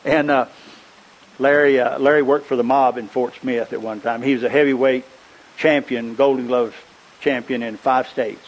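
Older man, preacher, folksy storytelling sermon, rambling, throat-clearing, middle pitch. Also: fairly even intonation, moderate pace, low-quality recording.

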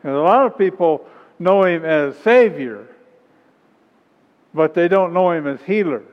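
A man preaching a sermon and reading scripture, emphatic and rising in pitch on key points. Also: animated, measured pace. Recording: dull sound with long hall reverb.

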